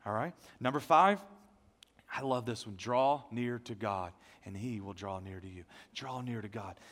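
Pastor preaching in a reverberant hall. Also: male voice, fairly low pitch, moderate pace. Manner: dynamic preaching, swinging from loud to hushed. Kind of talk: sermon. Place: church sanctuary.

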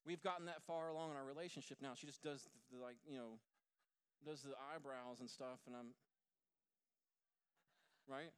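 A man's voice: medium pitch, fairly even intonation, moderate pace, pauses often, smooth. A man preaching a casual sermon in church, joking and talking straight to his congregation. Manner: jokey, talks directly to the congregation. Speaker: pastor.

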